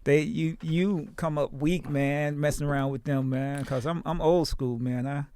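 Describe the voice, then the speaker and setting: A man's voice: fairly high pitch, steady tone, normal speed, dark tone, slight background noise. A man from Chicago, a comedian guest on a podcast, telling stories in a casual, profane, slangy way. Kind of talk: casual storytelling.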